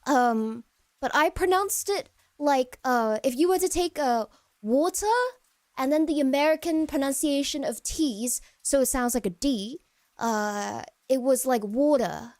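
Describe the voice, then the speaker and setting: A woman casually chatting to viewers on a live stream, wandering and hesitant with lots of fillers and restarts, often trailing into soft, low murmurs. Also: unhurried, dry recording, clean studio sound.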